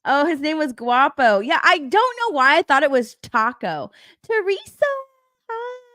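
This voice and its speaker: A woman's voice: high-pitched, lively intonation, normal speed, sharp tone, no echo, studio quality. A young woman chatting casually on a live stream, rambling and repeating herself, swearing and laughing. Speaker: stream co-host.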